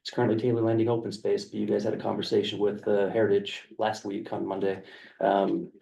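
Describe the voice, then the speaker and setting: A man's voice: lowish voice, completely flat delivery, fairly quick, vocal fry, dark tone, distant mic, slight background noise, low-quality recording. A man on county staff explaining a development proposal at a work session, hesitant and full of fillers, in a meeting room. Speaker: county planning staff presenter.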